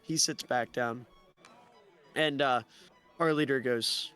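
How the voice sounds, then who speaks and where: A man's voice: medium pitch, takes it slowly, long pauses, bright, forceful tone, smooth, faint music behind. A man narrating a tabletop game as game master in a loose, casual way.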